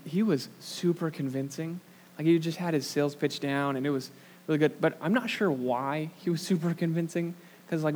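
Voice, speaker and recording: A young man delivering a sermon, his pitch sitting a little high. He talks casually and pokes fun at himself, with plenty of ums and likes. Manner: casual, self-deprecating storyteller with many fillers. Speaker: pastor. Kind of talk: sermon with a personal anecdote.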